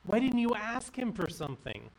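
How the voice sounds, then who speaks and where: A man's voice: high-pitched, very animated, normal speed, creaky, distant mic, voice pushed up, exaggerated voice, low-quality recording. A man voicing a greedy, domineering fisherman's wife in a fairy tale, scolding and demanding.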